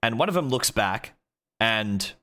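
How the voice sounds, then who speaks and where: Young Australian man, streamer, bright crisp tone, rambling anecdote, swears a lot. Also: fairly low pitch, expressive, a little slow. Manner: rambling, lots of "like", swears freely. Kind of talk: casual storytelling.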